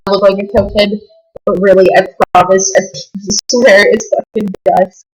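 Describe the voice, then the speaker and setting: A woman's voice: mid-range voice, flat delivery, moderate pace, a little mellow, poor audio. Sick, cursing woman rambling a story. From Las Vegas, USA. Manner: profane, rambling, full of fillers. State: sick with a stuffy nose. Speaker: vlogger.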